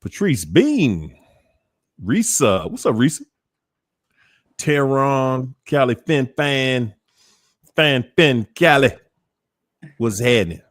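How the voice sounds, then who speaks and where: A man's voice: mid-range voice, sing-song, slow, long pauses, dry recording, clean studio sound. A man with a D.C. African American accent hosting a casual livestream, playfully calling out viewers by name and laughing often. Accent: African American English from Washington, D.C. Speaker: livestream host.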